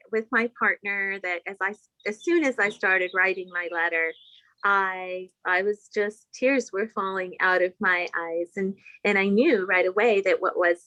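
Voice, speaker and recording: A woman taking part in a grief workshop, sharing her experience haltingly, with many restarts. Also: mid-range voice, fairly bright tone, no room sound. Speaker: workshop participant. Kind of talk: personal sharing. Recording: dull dry lo-fi sound.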